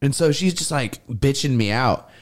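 A young man co-hosting a casual podcast chat, telling a personal story in a casual, profane way. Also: moderate pace. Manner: animated, profane, mimics others in a high voice when quoting. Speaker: podcast co-host.

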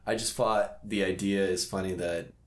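A man's voice: sits low, fairly even intonation, moderate pace. A man who hosts comedy shows, chatting casually with a self-mocking, rambling manner and frequent laughter. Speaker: comedy show host. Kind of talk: casual podcast chat. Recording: echoey room.

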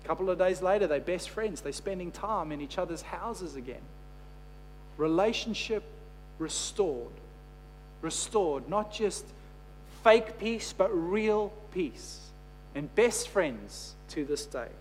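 A man preaches a sermon in a fairly high voice, moving from storytelling to emphatic, repeated phrases. His words ring out with a long reverb in a large hall, over a faint electrical hum. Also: animated, a little slow.

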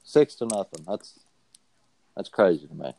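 Brash low-voiced man talking football. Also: animated, normal speed, creaky, mellow, poor audio. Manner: brash, slangy, confident predictions. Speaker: co-host picking games. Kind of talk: casual sports chat.

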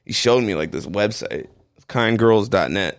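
A man's voice: on the low side, unhurried. A man from Ohio, a comedian co-hosting a podcast, talking in a laid-back, crude, joking way. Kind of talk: casual chat.

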